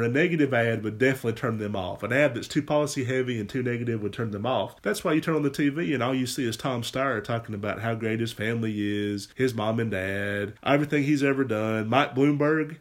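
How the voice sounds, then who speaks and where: A young man giving a solo political commentary rant, sarcastic, scornful and full of swearing. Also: medium pitch.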